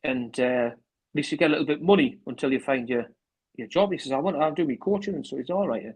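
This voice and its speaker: A man with a North East English accent telling rambling football anecdotes, acting out old phone calls with a steady run of "I says". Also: mid-range voice, quick pace, husky, poor audio. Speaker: interview guest, former club manager.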